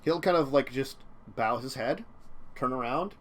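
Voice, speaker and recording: A man's voice: mid-range voice, animated, normal speed. A man narrating a tabletop role-playing game as game master, rambling along with many fillers and restarts.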